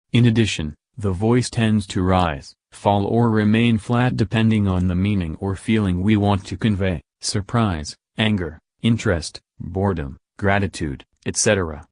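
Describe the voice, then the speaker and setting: Man, low voice, dry close recording, measured teacher narration. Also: a little mellow, dry recording. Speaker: English pronunciation teacher. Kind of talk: scripted lesson narration.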